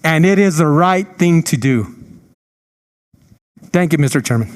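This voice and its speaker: A man's voice: on the high side, animated, unhurried, big-room sound. A man, a state senator, giving a passionate, emotional floor speech with rhetorical questions.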